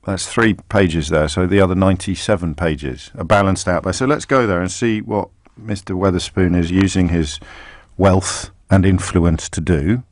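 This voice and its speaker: A man's voice: low voice, normal speed, no room sound. Sarcastic male radio host, dry studio. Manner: sarcastic, mocking asides. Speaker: radio talk show host. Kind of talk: live radio commentary, reading aloud on air. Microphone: studio microphone.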